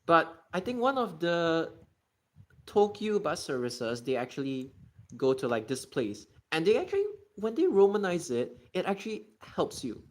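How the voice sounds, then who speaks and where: A man's voice: fairly high pitch, very animated, moderate pace. A man from Singapore streaming a geography game, chatting casually and ranting about how people pronounce words. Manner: ranting, exasperated about pronunciation. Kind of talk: casual gaming commentary, reading chat.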